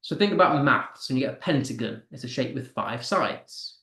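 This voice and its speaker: A man's voice: medium pitch, expressive, normal speed, pushed and bright, reverberant. A man teaching English with a British accent, explaining patiently with frequent ums and restarts. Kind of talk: online lesson.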